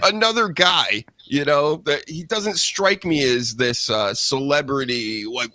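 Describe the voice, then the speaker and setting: A man's voice: on the high side, lively intonation, normal speed, hardly any pauses, bright, forceful tone, no echo. A man, chatting casually as a co-host of a wrestling review show, rambling with lots of fillers and mocking impressions. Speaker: podcast co-host.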